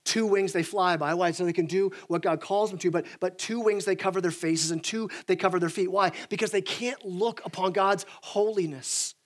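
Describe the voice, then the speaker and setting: Pastor, male, fairly high voice, lively sermon delivery, restarts phrases, works the room. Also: normal speed, few pauses. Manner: animated, repeats words when starting sentences, acts out voices. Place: church sanctuary.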